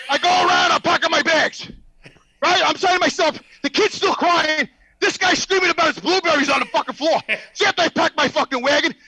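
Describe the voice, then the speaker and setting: An older man telling a loud, swearing story on a podcast and acting out the other people in it. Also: very high voice, no room sound, low-quality recording. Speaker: podcast regular. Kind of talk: profane storytelling.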